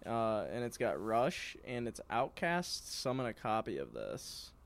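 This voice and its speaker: A man's voice: on the low side, huge pitch swings, a little slow, vocal fry, slight background noise. A man co-hosting a podcast in casual chat, often hesitant and trailing off. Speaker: podcast co-host. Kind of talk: casual card-review chat.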